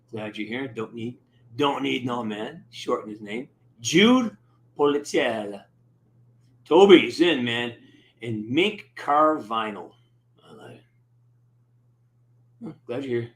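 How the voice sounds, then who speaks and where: A man's voice: medium pitch, a bit bright. Upbeat man hosting a live stream. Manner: upbeat, greets viewers by name, rambling. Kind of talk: casual live-stream chat.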